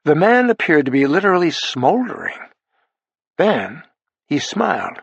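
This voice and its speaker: Fields: gravelly male audiobook narrator. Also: on the high side, sing-song, measured pace, no echo, lo-fi sound. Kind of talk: scripted narration.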